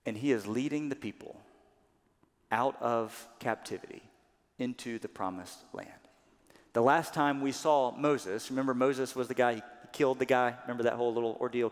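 A man preaching a sermon as pastor, animated, often acting out quoted voices louder and higher. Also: normal speed. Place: church sanctuary. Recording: church sanctuary with long reverb.

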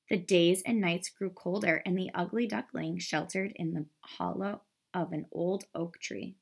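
Teacher lady reading a kids' picture book real slow and careful. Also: on the low side, steady tone, creaky, breathy edge.

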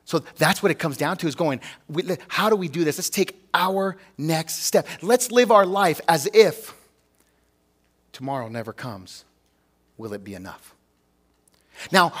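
Pastor, male, high-pitched, earnest, conversational sermon with rhetorical questions. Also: moderate pace, few pauses, breathy edge.

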